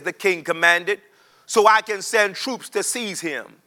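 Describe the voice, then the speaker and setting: A man's voice: fairly high pitch, lively intonation, unhurried, sharp tone. A man preaching a sermon to a broadcast audience, reading scripture and repeating phrases for emphasis as he leads listeners to say lines back. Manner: repeats phrases for emphasis, builds to rising chanted intensity; leads the listeners in call-and-response.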